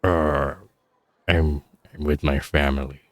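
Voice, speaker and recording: A man voicing a hesitant, polite father who speaks slowly and haltingly at a family dinner. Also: extremely low pitch, flat delivery, dry recording, voice pushed down. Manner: halting, slow, soft-spoken, telepathic speech.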